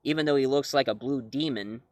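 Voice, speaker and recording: A man's voice: mid-range voice, fairly quick, darkish tone, no echo. A man reviewing comics and films in a casual talk to camera, rambling and correcting himself as he goes. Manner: rambling, self-correcting, chuckling.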